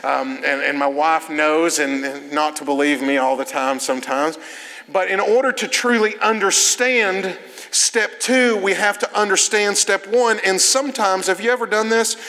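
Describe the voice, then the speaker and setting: A man preaching a sermon in a church, telling stories in a chatty, self-deprecating way with quick asides. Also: sits high, pushed and bright. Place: church sanctuary. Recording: long hall reverb.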